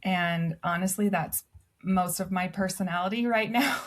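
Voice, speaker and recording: A woman's voice: medium pitch, a little slow. A woman in her thirties, a podcast guest, telling stories in casual chat and laughing often. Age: 30s. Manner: chatty storyteller, laughs often.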